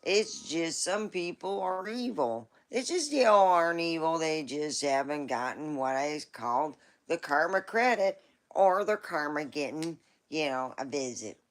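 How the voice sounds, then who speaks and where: A woman's voice: low-pitched, lively intonation, measured pace. A woman hosting a live stream, chatting casually in a rambling, folksy storytelling way.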